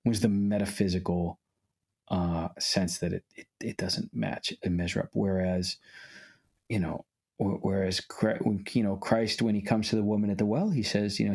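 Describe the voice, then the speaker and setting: Gravelly husky man preaching emphatically. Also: fairly low pitch, steady tone, unhurried, a little mellow. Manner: emphatic, quotes scripture, repeats lines for emphasis. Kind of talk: conversational preaching.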